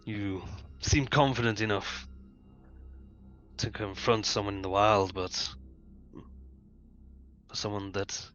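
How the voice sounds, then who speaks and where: A man playing a smiling male predator stranger who talks in a slow, formal and quietly menacing way during tabletop role-play. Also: fairly low pitch, steady tone, voice pushed down. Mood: coolly menacing. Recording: dull, muffled recording with faint music.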